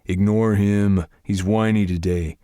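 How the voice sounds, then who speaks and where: A male narrator playing a dry, sarcastic young man in a low voice. He mutters his cutting asides, close to the mic in a dry studio. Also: steady tone, a little slow, dark tone, clear, resonant tone, no echo, close to an everyday voice.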